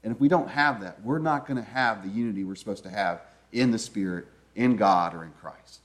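A man's voice: fairly low pitch, brisk. A man preaching a sermon in an earnest, conversational teaching manner, often asking his listeners rhetorical questions.

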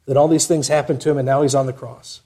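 A man preaching a sermon, asking rhetorical questions and swinging between loud emphatic passages and quiet ones. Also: mid-range voice, little pitch movement, fast. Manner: rhetorical questions, rising for emphasis then dropping soft.

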